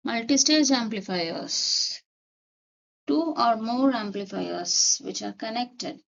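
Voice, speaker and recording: A woman teaching a lesson step by step, deliberately repeating her key points. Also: on the high side, vocal fry, highs cut off. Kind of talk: step-by-step lecture.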